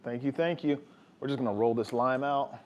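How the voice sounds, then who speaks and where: A man's voice: medium pitch, normal speed, highs cut off. A young man, chatting casually to viewers as he cooks in his home kitchen. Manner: relaxed, chatty, talks to viewers while cooking. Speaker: family vlogger cooking. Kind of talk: casual cooking vlog chat.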